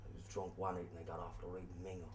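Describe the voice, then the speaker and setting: An actor with a Cork accent playing a hot-tempered young jilted boyfriend who swears constantly. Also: male voice, sits low, completely flat delivery, racing, darkish tone, slight background noise, natural voice. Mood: rueful. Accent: Cork Irish. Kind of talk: film acting.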